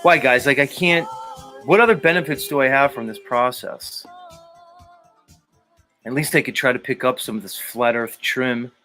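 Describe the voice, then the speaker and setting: A man's voice: mid-range voice, normal speed, pauses often, pushed and bright, faint music behind. A man hosting a livestream, chatting casually and crudely as he greets viewers and reads their comments. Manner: crude, joking, rambling. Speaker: livestream host.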